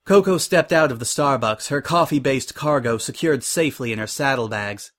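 Guy reading a pony story out loud, even steady voice, mid pitch. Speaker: reader. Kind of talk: storybook narration.

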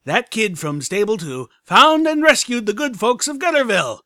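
A man voicing a boisterous male pony radio DJ with hyped, booming broadcaster patter. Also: sing-song, normal speed, bright, forceful tone, dry recording, studio quality, full character voice.

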